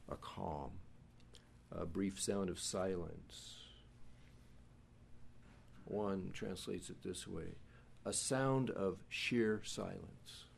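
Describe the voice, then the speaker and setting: A pastor preaching a sermon, who moves between hushed, quiet passages and loud, emphatic ones. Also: male voice, low-pitched, vocal fry.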